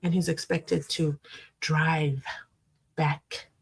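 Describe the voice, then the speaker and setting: A young South African woman with a South African accent hosting a casual live-stream from her desk, reading viewer comments aloud and reacting in an animated way. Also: low-pitched, drawn-out words, gravelly, husky. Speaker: commentary channel host. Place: at a desk at home.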